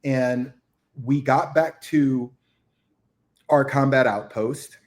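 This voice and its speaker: A middle-aged man, a retired military chief, telling a combat story as a podcast guest, acting out the shouted orders. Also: medium pitch, takes it slowly. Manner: animated war storytelling, acts out shouted quotes. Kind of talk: casual storytelling interview.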